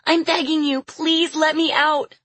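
A woman's voice: unhurried, a bit bright, no echo. A woman voicing a terrified, pleading little girl in an audiobook. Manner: high, shrill, pleading.

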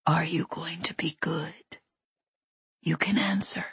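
A woman voicing a menacing masked male intruder in a whispered role-play, with soft, calm, coldly courteous threats. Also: a little high, slow, breathy edge, no room sound, exaggerated voice.

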